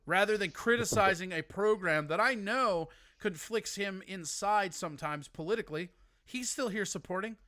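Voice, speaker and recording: Sarcastic high-voiced streaming host. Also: male voice, normal speed, pushed and bright. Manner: sarcastic, profane, mock-outraged ribbing. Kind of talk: casual comedic banter.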